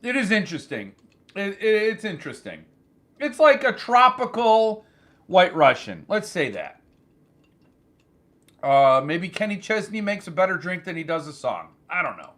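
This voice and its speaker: A man hosting his own channel, telling a story in an animated, joking casual chat. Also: sits high, normal speed. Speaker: channel host.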